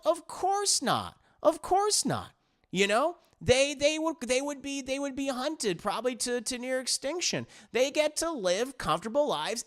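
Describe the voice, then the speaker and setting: A man doing a high, smug alien creature. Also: fairly bright tone, heavily acted. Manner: falsely innocent, lecturing, condescending. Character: cold scheming alien creature, small and fluffy. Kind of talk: animated recap voicing of a character.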